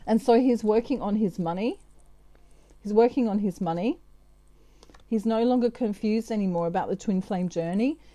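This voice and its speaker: A woman's voice: medium pitch, moderate pace, dark tone, dry recording. A woman giving a casual, chatty tarot reading, full of fillers and asides. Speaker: tarot reader.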